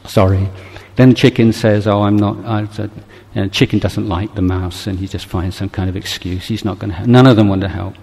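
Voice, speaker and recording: A man giving a Buddhist dharma talk, telling a story in a gentle, halting, reflective way. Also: lowish voice, fairly even intonation, creaky. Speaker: Buddhist teacher. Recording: long hall reverb.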